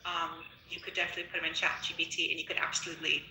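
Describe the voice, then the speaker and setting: A woman's voice: lowish voice, monotone, racing, pushed and bright, reverberant, rough recording. A woman in a casual online discussion, explaining with assurance. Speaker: participant in an online audio room.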